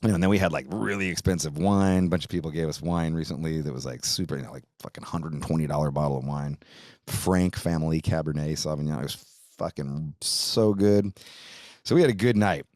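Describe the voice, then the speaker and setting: A man's voice: very deep voice, brisk, a little mellow, no room sound, studio quality. A middle-aged man, hosting a podcast and telling a long casual story, rambling and profane, saying "dude" and "like" a lot. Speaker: podcast host.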